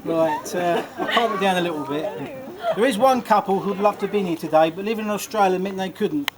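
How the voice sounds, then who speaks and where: A man's voice: sits high, a little fast. A man giving a jokey, rambling best man's speech at a wedding reception. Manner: jokey, rambling, often laughing. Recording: loud background noise at a reception.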